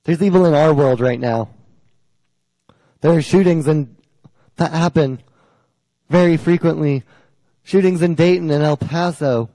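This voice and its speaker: Mellow-voiced young man preaching. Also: a little high, unhurried, long pauses, no echo, big-room sound, low-quality recording. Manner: retells scripture in a casual storytelling way. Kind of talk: scripture reading and sermon.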